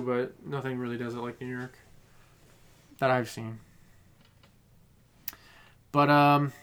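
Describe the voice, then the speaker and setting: Laid-back podcast host, bright voice. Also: male voice, fairly high pitch, smooth. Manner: laid-back, rambling with fillers. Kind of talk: casual chat.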